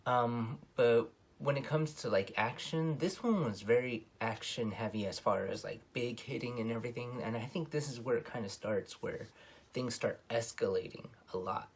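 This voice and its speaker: A man's voice: medium pitch, moderate pace, husky. A man giving a casual, rambling film review, full of ums and self-corrections, his voice jumping up on emphatic points. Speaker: movie reviewer.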